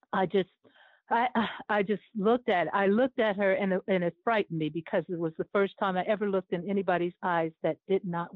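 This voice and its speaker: Heard over a tinny phone-like line with no echo, an older woman from the United States, an Olympic chaplain, tells a moving personal story as an interview guest. She speaks earnestly and is clearly moved, in a fairly low-pitched voice.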